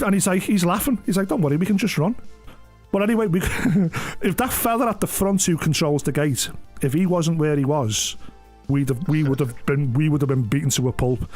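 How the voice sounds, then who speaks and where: A man's voice: a little high, a little mellow. A middle-aged man, chatting casually on a live stream, rambling through anecdotes with frequent swearing and laughs. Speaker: game streamer.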